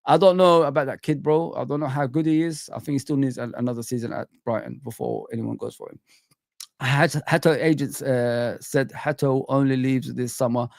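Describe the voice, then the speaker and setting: Gravelly-voiced man ranting on a live stream. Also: mid-range voice, fairly even intonation, a little fast, darkish tone, no echo, clean studio sound. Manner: blunt, worked-up football opinions, slangy. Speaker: livestream host reading chat. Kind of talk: casual live chat stream.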